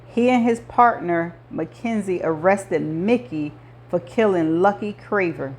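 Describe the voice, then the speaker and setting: A woman's voice: fairly low pitch, unhurried, darkish tone. A woman reading an audiobook, voicing an older male mob boss who talks like a movie gangster, menacing and jovial. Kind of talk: audiobook character voice.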